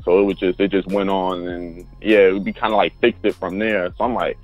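Low-voiced guy, laid-back, kinda halting, dry close sound, faint music behind. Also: no room sound, low-quality recording. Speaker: guest seeking advice. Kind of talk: casual chat.

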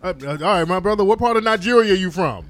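A man's voice: high voice, expressive, quick pace, soft background music. A man hosting a talk show and taking calls, boisterous and slangy. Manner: boisterous, slangy, laughing often. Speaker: host. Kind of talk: casual podcast chat.

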